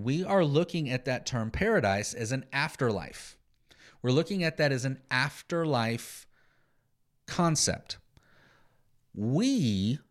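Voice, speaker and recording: Guy doing a bible podcast, lively voice that jumps around, sarcastic jokes. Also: medium pitch. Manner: animated, sarcastic asides, explanatory.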